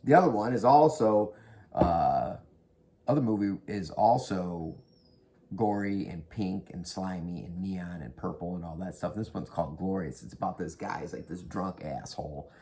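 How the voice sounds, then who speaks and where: A man's voice: low-pitched, normal speed, mellow. A man casually rambling through horror movie recommendations, profane and half-whispered, talking close to the mic at home. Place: indoors at home.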